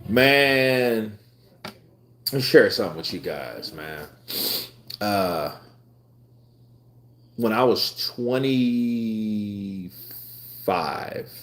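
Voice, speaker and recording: A man in his twenties hosting a live stream, chatting casually and telling rambling stories with frequent laughter. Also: fairly low pitch. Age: 20s. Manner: laid-back, laughs often, rambling anecdotes. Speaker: livestream host. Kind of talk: casual live commentary and storytelling.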